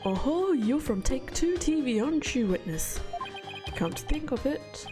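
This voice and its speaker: A woman's voice: sits high, very animated, unhurried. A woman voicing a formal, courteous male prosecutor from a video game, reading with stiff politeness. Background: game music.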